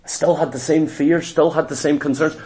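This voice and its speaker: A man preaching with a notably high voice. He drives his points home with emphasis and slips into dramatic voices for the figures he quotes. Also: level tone, fairly quick, background noise. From Ireland. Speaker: pastor. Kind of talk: sermon.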